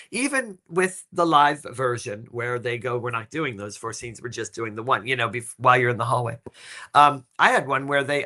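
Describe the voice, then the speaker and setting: A man co-hosting a casual chat, telling audition stories in an animated way with many restarts. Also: mid-range voice. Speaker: co-host.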